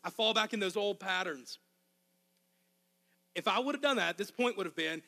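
A man with a Southern Arkansas accent delivers an impassioned sermon, driving his points home through repetition. His voice sits high with a bright, forceful edge. A long hall reverb trails behind him. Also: lively intonation, normal speed, long pauses. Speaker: pastor.

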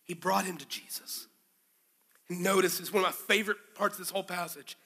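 A male pastor preaching a sermon to a congregation, telling the story with animated, acted-out quotes. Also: sits high, fairly quick, in a large hall. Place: large room with a congregation.

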